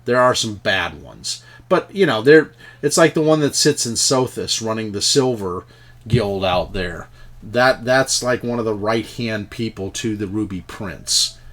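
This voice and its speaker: A man narrating as game master in a tabletop game, telling the scene in an animated, stumbling way. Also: on the low side, a little slow.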